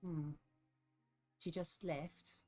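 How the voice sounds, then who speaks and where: A woman game master narrating a superhero tabletop game in a relaxed, plain way. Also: on the low side, extremely slow, faint music behind.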